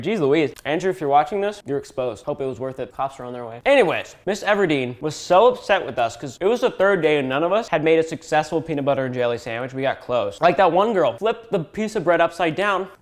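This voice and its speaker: A young man doing comedic vlog commentary, playful and sarcastic with exaggerated outbursts. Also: a little high. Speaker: YouTuber.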